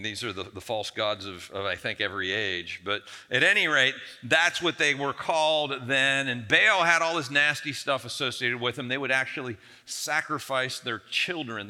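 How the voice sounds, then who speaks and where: In a church with long reverb, a male pastor with a mid-range, bright, forceful voice tells a Bible story. His sermon is conversational and humorous, with frequent restarts.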